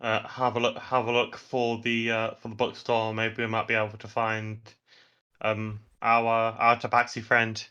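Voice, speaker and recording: Bright-voiced man laying out a plan. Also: lowish voice, monotone, normal speed, clear, resonant tone, lo-fi sound. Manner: lays out plans step by step. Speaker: tabletop game player. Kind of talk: casual planning talk over voice chat.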